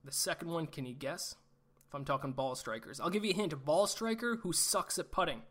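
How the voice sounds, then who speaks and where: Man, betting picks host, slightly high voice, chatty, rattles off stats. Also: fairly bright tone. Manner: chatty, self-deprecating, reads stats in quick lists. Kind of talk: casual betting podcast talk.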